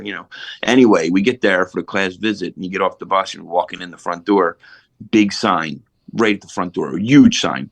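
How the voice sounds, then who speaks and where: A man spins long, streetwise stories from his past, swearing as easily as he breathes. His voice sits very low, and the recording is dry and close, with no room around it. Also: fairly quick, vocal fry, a bit bright, no room sound. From Philadelphia. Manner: rambling, streetwise, swears casually. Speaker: podcast guest. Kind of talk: casual storytelling.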